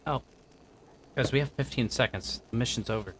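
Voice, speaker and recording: A man's voice: medium pitch, normal speed, fairly bright tone, slight background noise. A man streaming a video game live, talking casually and joking with frequent swearing and mock outbursts at the game.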